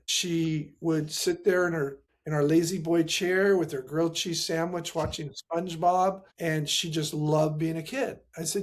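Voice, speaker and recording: Speaking as a guest, this middle-aged man, a pastor and grief counselor, earnestly recounts a personal loss and performs the quoted lines himself. His high voice holds a steady tone at normal speed with hardly any pauses, softening when the story turns most painful.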